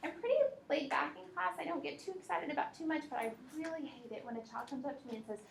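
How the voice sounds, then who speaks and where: A woman teacher giving a workshop presentation to other teachers, talking in a relaxed, practical way and speaking straight to her audience. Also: sits high, fast, creaky, slight background noise. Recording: echoey room, mic from a distance.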